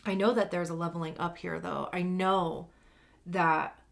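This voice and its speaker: A woman's voice: lowish voice, steady tone, measured pace, creaky. A woman giving a casual, slangy tarot reading, chatty and laughing often. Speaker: tarot reader.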